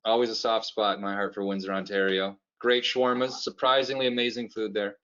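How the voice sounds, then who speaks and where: A comedian from Canada, a man telling stories in an animated, joking way during a casual interview over a video call. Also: fairly low pitch, brisk, muffled recording. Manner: animated, jokey storyteller.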